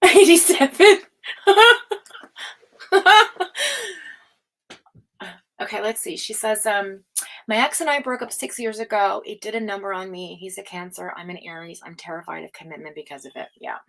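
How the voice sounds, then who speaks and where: Gravelly-voiced woman chatting on a stream. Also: medium pitch, expressive, unhurried, long pauses. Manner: chatty, laughs often, drops into hushed asides. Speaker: tarot reader hosting a live stream. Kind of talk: casual live-stream chat reading viewer comments.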